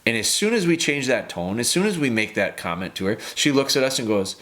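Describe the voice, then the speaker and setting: A man's voice: mid-range voice, big pitch swings, a little fast, a bit bright. A man hosting a podcast, giving earnest, repetitive coaching advice in a casual talk. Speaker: dog trainer, podcast host.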